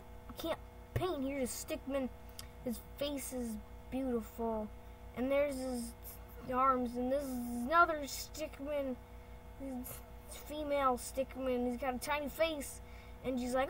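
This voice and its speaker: A woman with a high voice and fairly even intonation speaks a little slowly, offering casual, rambling, playful commentary on a screen recording for her channel and correcting herself along the way. The low-quality recording has slight background noise, with keyboard typing and mouse clicks behind her.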